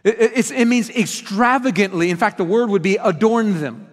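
A male pastor delivers an earnest teaching sermon and leans hard on key words. His voice sits high for a man. The sound trails off in the long reverb of a large church hall. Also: normal speed. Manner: earnest, teaching, with emphatic stresses.

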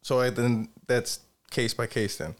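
A man's voice: medium pitch, fairly even intonation, unhurried. A man co-hosting a podcast, speaking bluntly and opinionated in casual chat, swearing often. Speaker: podcast co-host.

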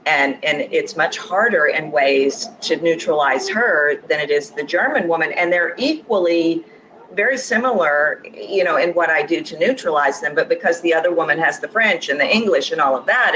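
A woman's voice: deep voice, pushed and bright, low-quality recording. A woman accent coach explaining her views as a podcast guest, confident and emphatic. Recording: audible background noise.

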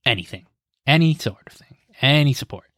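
Relaxed guy on a podcast, rambles a bit, dry mic with no room. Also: medium pitch, a little fast, no echo. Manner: easygoing, rambling, repeats himself. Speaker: podcast co-host. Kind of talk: casual podcast chat.

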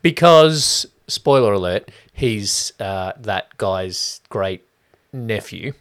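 A man's voice: on the low side, lively intonation, drawn-out words. A man co-hosting a casual movie review podcast with his brother, trading jokes and banter. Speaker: podcast co-host.

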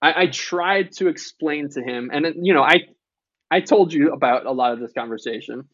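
A man's voice: on the high side, normal speed, fairly bright tone, no echo, dull audio. A man in his thirties, an author and podcast guest, telling candid stories in a casual conversation, with frequent profanity and quoted dialogue.

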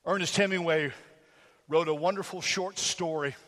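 A man's voice: on the high side, steady tone, normal speed, a bit bright, long reverb tail. A male pastor preaching a sermon, telling homely stories and asking the congregation rhetorical questions.

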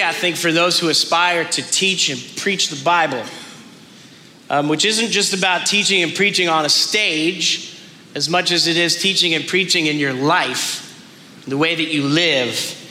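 A man's voice: fairly high pitch, sharp tone, slight background noise. A man preaching a sermon in a church, earnest and self-deprecating. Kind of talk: sermon clip. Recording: roomy hall with faint ambience.

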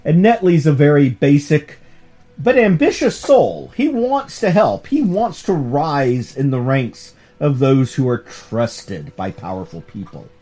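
Animated joking male professor. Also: a little high, measured pace, soft background music. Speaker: professor and podcast host. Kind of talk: casual lecture on a comic book.

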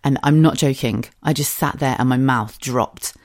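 A woman, talking in a low voice as a podcast host. She is candid and chatty, swears freely and slips into little acted-out quotes. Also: moderate pace, hardly any pauses. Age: 40s. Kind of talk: casual chat.

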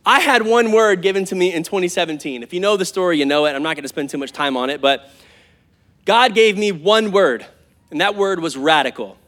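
Preaching to a church crowd, a pastor in his thirties keeps his sermon conversational and animated, calling out to listeners. His voice sits high and moves a little fast.

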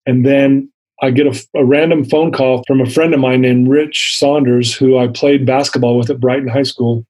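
Husky man telling a heartfelt story. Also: mid-range voice, fairly even intonation, normal speed, a little mellow, rough recording. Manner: earnest storytelling, acts out quoted dialogue. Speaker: guest. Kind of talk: personal testimony interview.

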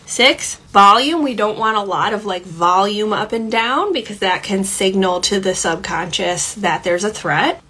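A woman hosting a parenting podcast, explaining tips in a relaxed, chatty way, often checking in with "okay" and slowing down to stress points. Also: mid-range voice. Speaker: podcast host and parenting coach. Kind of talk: casual podcast teaching.

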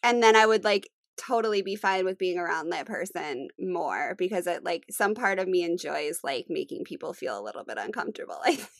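A woman's voice: lowish voice, expressive, fairly quick, hardly any pauses, no room sound. A woman in her thirties co-hosting a podcast, chatting casually in a blunt, sassy way and laughing often. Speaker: podcast co-host. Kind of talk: casual chat.

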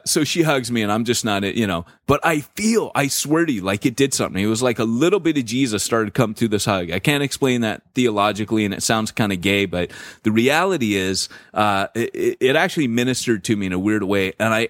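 Low-voiced man telling a story casually. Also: no room sound, clean studio sound. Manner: animated, slangy, lots of fillers. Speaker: podcast co-host.

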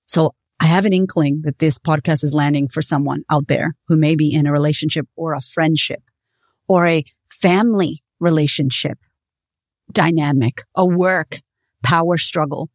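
A woman's voice: low voice, steady tone, normal speed, no echo, clean studio sound. Candid, profane woman podcaster. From United States. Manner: raw, profane and confessional. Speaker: podcast host. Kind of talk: candid personal storytelling.

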